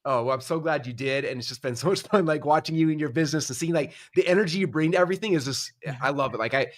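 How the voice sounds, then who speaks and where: A male host in his forties talks up an event in quick, bubbly, casual bursts. His voice sits high for a man and he keeps dropping in fillers as he goes. The pace rarely lets up. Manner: upbeat, fast, filler-heavy casual talk. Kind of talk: enthusiastic event promo chat.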